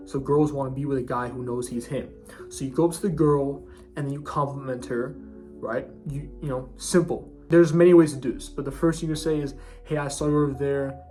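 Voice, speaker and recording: A man's voice: medium pitch, a little mellow. A young man giving casual self-improvement advice in a bro-ish, slangy way, often restarting his sentences. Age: young adult.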